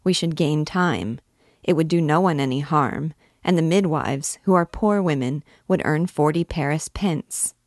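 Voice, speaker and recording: A woman's voice: dry recording, clean studio sound. A woman reading aloud and voicing a fretful, talkative male poet in a classic novel, anxious and pleading. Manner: excitable, pleading, quick and higher. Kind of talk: audiobook character reading.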